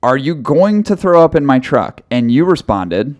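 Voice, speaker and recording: Male podcast co-host, young, teasing, mock-stern storyteller, mid pitch. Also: sing-song, moderate pace, a little mellow. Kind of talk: casual storytelling chat.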